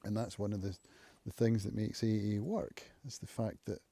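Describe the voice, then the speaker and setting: A man talks at home in a relaxed, unhurried live-stream monologue. He thinks aloud in a reflective, musing way and often pauses to find his words. His voice is warm and mellow, recorded close and dry. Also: lowish voice, no room sound. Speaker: channel host, recovering alcoholic.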